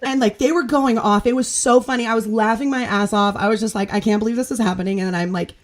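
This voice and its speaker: A woman's voice: fairly high pitch, fast. A woman hosting a casual podcast chat over a video call, telling a story in a bubbly, gushing way and laughing often. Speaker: podcast host.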